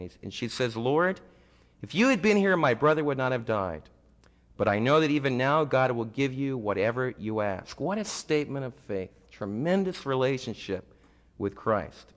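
A male pastor giving a sermon in a conversational way, building to emphatic peaks and asking the congregation questions directly. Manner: conversational preaching that swells to emphatic highs.

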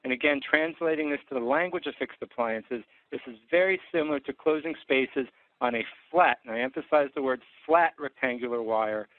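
A man delivers a methodical, technical clinical lecture as an orthodontist walking through cases, pausing on fillers now and then. His voice sits at an ordinary middle pitch. The sound is thin and narrow like a phone line, with no room echo at all. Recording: dry tinny phone-like sound.

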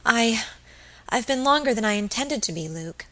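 A woman's voice: mid-range voice, brisk, lightly acted. A woman doing a timid, pleading young maid. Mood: anxious. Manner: hesitant, soft, pleading. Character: timid young female servant, anxious and conciliatory.

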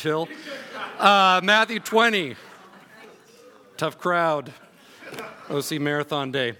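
A man preaching a sermon in a church, reading scripture aloud and teaching with relaxed, joking asides. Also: on the high side, slow, long pauses. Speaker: guest preacher. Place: church sanctuary.

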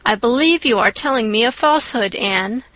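A woman's voice: on the high side, expressive, moderate pace, fairly bright tone, no echo. A woman reading the part of a stern older woman who scolds a child.

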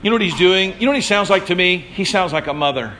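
A man preaching a sermon as pastor, telling the story with animated voices and calling on listeners by name. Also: high voice, fast, slight background noise, poor audio. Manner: speaks directly to congregation members by name.

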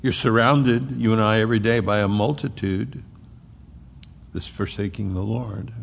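A male pastor preaching a sermon. He swings between emphatic, rising outbursts and hushed, low asides. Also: fairly even intonation, moderate pace, gravelly, slight background noise. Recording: long reverb of a large hall.

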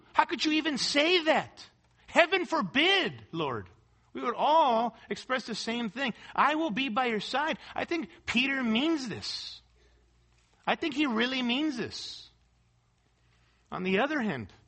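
High, bright-voiced preacher man. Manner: preaching with call-and-response "amen" and rhetorical questions; reads scripture and quotes aloud, sometimes half-singing a hymn. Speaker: pastor. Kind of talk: sermon.

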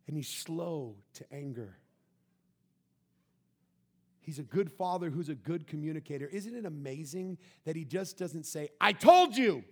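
A husky-voiced man preaching with emphatic swings from loud to soft. His voice sits a bit high for a man. He drives his points home with repeated phrases. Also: measured pace, pauses often. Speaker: pastor. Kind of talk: sermon.

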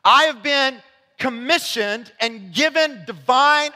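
In a church sanctuary, a pastor preaches at normal speed with lively intonation. His high, bright voice cuts through the room as he shifts from soft asides to loud, emphatic statements in a conversational style. The hall gives the sound a long ringing reverb.

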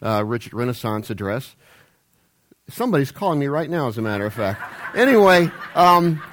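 A man's voice: mid-range voice, very animated, moderate pace, fairly bright tone, a little hiss or hum. A man preaching a humorous sermon in a church, rambling and jokey with self-deprecating asides. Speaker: pastor. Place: church sanctuary.

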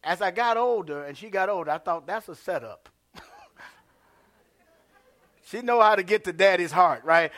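A man preaching a sermon as pastor. He swings from hushed asides to shouted lines and calls out to the congregation. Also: sits high, expressive, takes it slowly, pauses often.

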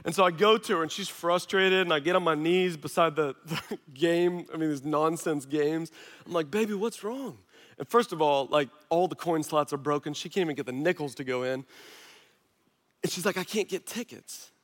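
A man in his thirties, a pastor preaching a sermon through an animated personal story full of quick asides. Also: on the high side. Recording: long hall reverb.

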